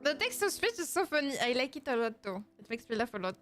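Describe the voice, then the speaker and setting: A woman's voice: sits high, very animated, fast, fairly bright tone, soft background music. A woman with a French accent chatting casually on a live stream, playful, slipping in French words and laughing often. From France.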